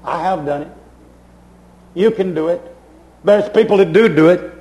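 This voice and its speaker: A middle-aged man, preaching a fervent sermon as pastor, dropping suddenly quiet and then bursting out with emphasis. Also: high-pitched, moderate pace, low-quality recording.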